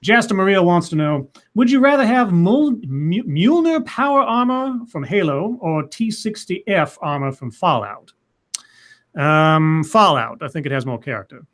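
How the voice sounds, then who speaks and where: A man's voice: sits high, lively intonation, normal speed. A man co-hosting a casual livestream chat, reading viewer questions aloud in a joking put-on Southern drawl.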